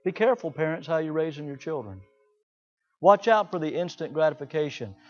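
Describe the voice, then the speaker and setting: A man preaching a sermon in an animated way, often mimicking the people he talks about. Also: a little high, brisk, dull audio. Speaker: pastor.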